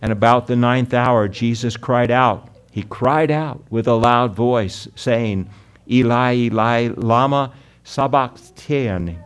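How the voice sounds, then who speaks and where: A man preaching a sermon to his congregation, earnest, calling them friends and beloved, rising loud on key words and slowing down to read scripture. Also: mid-range voice. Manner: earnest preaching, drops loud then soft for emphasis, slows on scripture. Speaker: pastor.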